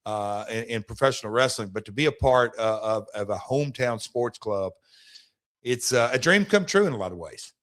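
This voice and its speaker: A middle-aged man from Nashville talks as a guest on sports radio, at a medium pitch. He speaks like a promoter, enthusiastic and full of stories, often restarting his sentences. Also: lively intonation, normal speed, fairly bright tone. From Nashville, Tennessee. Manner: enthusiastic storyteller, promoter's patter, frequent restarts. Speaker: guest, wrestling promoter and team partner. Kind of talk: radio sports talk interview.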